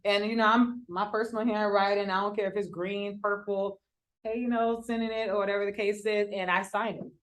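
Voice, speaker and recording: A woman's voice: mid-range voice, level tone, a little fast, a bit bright. A woman teaching real estate wholesaling at a live workshop, talking casually with slang and acted-out quotes of the people she deals with. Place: room with a live audience.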